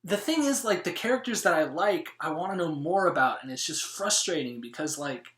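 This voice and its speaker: A man's voice: on the high side, expressive, fairly quick, a bit bright. A man co-hosting a movie review show, talking in a casual, rambling way and laughing often. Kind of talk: casual podcast chat. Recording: echoey room.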